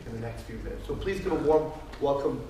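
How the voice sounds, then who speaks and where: A man's voice: mid-range voice, quick pace, warm tone, heavy reverb, far from the mic, slight background noise, low-quality recording. A man introducing a panel from the stage, rambling a little and searching for words. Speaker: event host.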